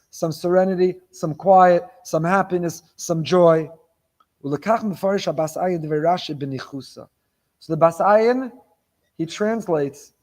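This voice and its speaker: A rabbi giving a sermon on the weekly Torah portion. He asks rhetorical questions, stacks phrases for emphasis, and mixes Hebrew terms into his English. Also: high-pitched. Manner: animated, repeats phrases for emphasis.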